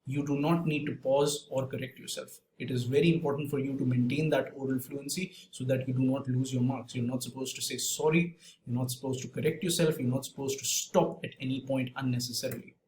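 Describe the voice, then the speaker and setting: A man's voice: medium pitch, brisk, a little mellow. Man explaining in an echoey room. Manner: explanatory, many fillers and restarts. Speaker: exam trainer. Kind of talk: instructional talk to camera. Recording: roomy echo, faint background hiss.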